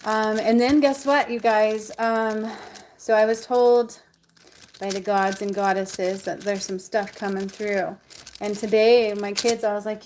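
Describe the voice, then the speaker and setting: A woman's voice: medium pitch, steady tone, moderate pace, darkish tone, slight background noise. Bubbly chatty woman vlogger. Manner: bubbly, chatty, lots of ums and likes. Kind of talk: casual chat to camera.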